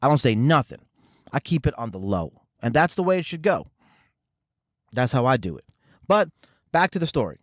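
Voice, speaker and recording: A man's voice: medium pitch, sing-song, moderate pace, long pauses, no room sound. A man hosting his own show, delivering a rambling, sarcastic comedic rant full of profanity. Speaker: show host. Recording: slightly muffled dry recording.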